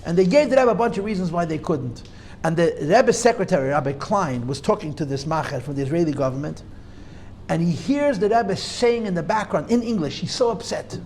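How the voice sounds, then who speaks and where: A rabbi teaching a class in an emphatic lecture style. He repeats his key points forcefully and mixes Hebrew and Yiddish terms into his English. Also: fairly high pitch, normal speed, slight background noise.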